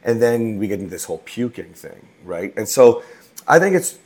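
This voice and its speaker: A man with a husky, somewhat low voice co-hosting a marriage talk. He gives advice in a relaxed, conversational manner, often tagging his points with quick questions to the listener. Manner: relaxed, explains with tag questions. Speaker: marriage coach co-host.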